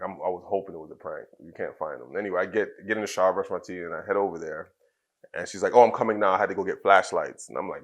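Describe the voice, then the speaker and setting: A man from Trinidad, in his thirties, telling a personal story in an interview, soft-spoken and halting, with many fillers and restarts. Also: low voice, steady tone. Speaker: wrestler guest.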